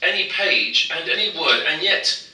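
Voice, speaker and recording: A man performs a mind-reading trick as a magician, keeping up joking, teasing patter. His voice is very bright. The recording is roomy and he sits back from the mic. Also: a little high, animated, normal speed, far from the mic.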